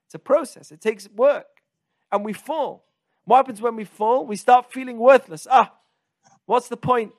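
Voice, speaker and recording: A man a fairly high voice talks through a Jewish teaching on a podcast, loose and conversational, often restarting phrases and slipping into the taunting inner voice. The sound is dry and close, no room around it. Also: normal speed, a little mellow, no echo. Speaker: podcast host teaching Torah. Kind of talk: informal religious teaching.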